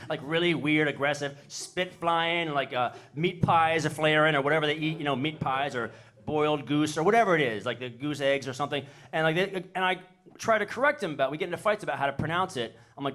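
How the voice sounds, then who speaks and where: A man's voice: a little high, animated, brisk, a bit bright. A man doing a rambling, self-mocking stand-up set on a comedy stage into a handheld mic.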